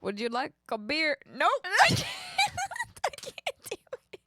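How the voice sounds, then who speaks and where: A giggly, self-mocking woman chatting on a livestream. Her voice sits a bit high with a very lively pitch, and the sound is dry and close. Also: a little slow, no room sound. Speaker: streamer, co-host. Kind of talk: casual chat on a livestream.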